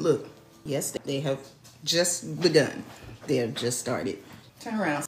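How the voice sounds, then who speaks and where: A woman vlogging at home as a mother, talking to her viewers and herself in an animated way and sometimes dropping to a whisper. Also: low-pitched, normal speed, slight background noise. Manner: animated, talks to herself and the camera, drops to whispers. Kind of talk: casual vlog talk to viewers.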